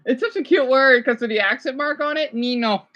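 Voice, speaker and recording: A woman's voice: high-pitched, fairly bright tone, dull audio. A woman vlogger chatting casually about learning languages, rambling and hesitant, often checking in with "right?".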